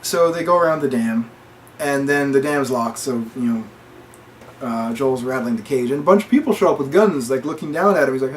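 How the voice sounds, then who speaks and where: A man's voice: mid-range voice, a little fast, a little hiss or hum. A man co-hosting a casual chat, retelling a story with lots of quoted dialogue and restarts. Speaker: podcast co-host.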